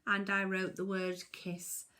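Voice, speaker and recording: A woman teaching a phonics lesson to young children, sounding out words slowly and emphatically. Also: medium pitch, completely flat delivery, pushed and bright. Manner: slow, sing-song, emphatic sounding out of words. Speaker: primary school teacher. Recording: echoey room.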